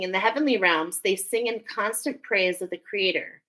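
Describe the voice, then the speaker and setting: A woman's voice: medium pitch, normal speed, fairly bright tone, rough recording. A woman hosting a spiritual oracle card reading, talking effusively and often emotionally. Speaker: angel oracle card reader.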